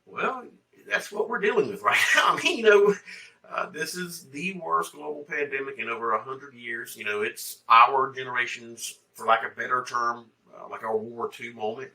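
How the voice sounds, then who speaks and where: Emphatic man from Mississippi, very bright tone, slightly distant from the mic. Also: medium pitch. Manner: emphatic, rising to loud bursts. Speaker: guest, agency mentor. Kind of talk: interview answers.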